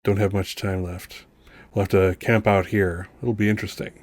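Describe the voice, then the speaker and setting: Low-voiced game master, dry and close. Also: male voice, level tone, no echo. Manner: rambling, halting narration with restarts. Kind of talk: narrating a tabletop game.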